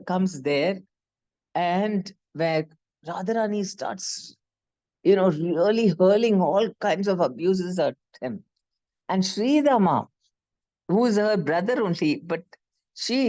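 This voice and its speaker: Speaking with an Indian English accent at a slow pace and medium pitch, a class speaker retells a scripture story animatedly, frequently correcting themselves mid-sentence.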